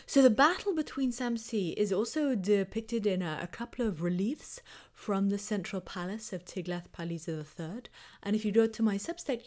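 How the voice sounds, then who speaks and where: Low-voiced woman hosting a podcast. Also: a little mellow. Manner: chatty and self-deprecating, reads quotes aloud. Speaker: podcast host. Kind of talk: podcast narration.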